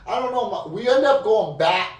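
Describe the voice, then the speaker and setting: A man of fifty telling profane bar stories in a rowdy, animated way as a podcast guest. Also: high voice, normal speed. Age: 50s. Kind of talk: casual storytelling. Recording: echoey room, mic at a distance.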